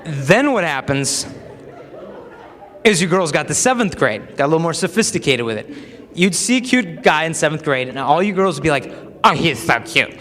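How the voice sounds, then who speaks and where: A man's voice: fairly high pitch, normal speed. A young man giving a humorous talk to a live audience, telling stories with animation and acting out the voices of the people in them. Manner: animated storytelling, acts out quoted voices. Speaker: speaker addressing a live audience. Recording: echoey hall.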